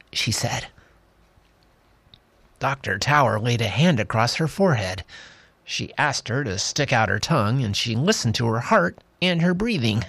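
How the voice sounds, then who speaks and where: A man slowly and expressively reading a children's novel aloud. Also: mid-range voice, animated, vocal fry, a bit bright, breathy edge, dry recording. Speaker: storyteller.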